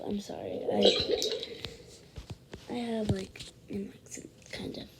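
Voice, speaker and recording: A woman chatting casually over gameplay on her own microphone, rambling and dropping into soft asides, with a high, pitchy voice. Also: steady tone, takes it slowly, vocal fry, in a whisper. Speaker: gaming channel host. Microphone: own desk microphone. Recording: noisy home recording with hiss and clicks.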